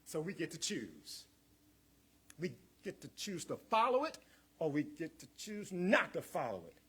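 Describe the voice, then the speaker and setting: Male guest minister, high husky voice, rousing sermon delivery with repetition and call-and-response. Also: very animated, a little slow, a bit bright. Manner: repeats words, builds in waves, calls on the congregation; chuckles between points.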